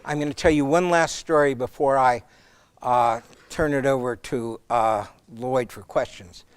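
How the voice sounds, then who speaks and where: A man's voice: medium pitch, a little slow, clear, resonant tone, no room sound. A man speaking as a guest lecturer on leadership, telling stories with some fillers and restarts.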